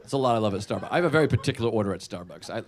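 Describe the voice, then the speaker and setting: A man's voice: lively intonation, racing. A man doing a stand-up comedy set, self-deprecating and neurotic, with rambling asides and quoted voices acted out. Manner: acts out quoted voices with big jumps in pitch. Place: stage of a comedy venue with a live audience. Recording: live show with audience laughter. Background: crowd laughing.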